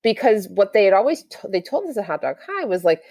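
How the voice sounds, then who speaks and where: A woman, a podcast guest, telling a story in a casual interview, lively and acting out what people said. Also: medium pitch, quick pace, no room sound.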